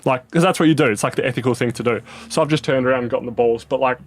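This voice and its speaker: A young man telling stories as a podcast guest, animated, laughing often and swearing freely. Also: medium pitch, racing. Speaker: guest, tennis player. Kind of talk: casual podcast storytelling.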